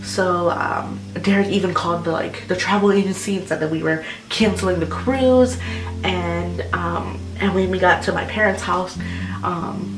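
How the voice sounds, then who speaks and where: A woman's voice: lowish voice, normal speed, distant mic. A young woman vlogger telling a personal story in a rambling way, full of fillers like "like" and "um". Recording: roomy echo with music behind.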